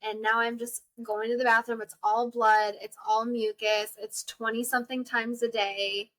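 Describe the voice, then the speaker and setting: A woman's voice: on the high side, level tone, normal speed, fairly bright tone. A young woman, hosting a podcast and telling a personal story in a chatty, exclaiming way full of fillers. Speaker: podcast host. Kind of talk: casual storytelling to listeners.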